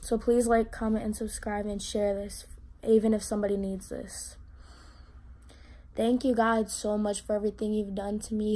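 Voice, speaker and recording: A teenage girl telling an emotional personal story to camera, halting and on the verge of tears, with many fillers and restarts. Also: medium pitch, little pitch movement, mellow. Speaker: vlogger.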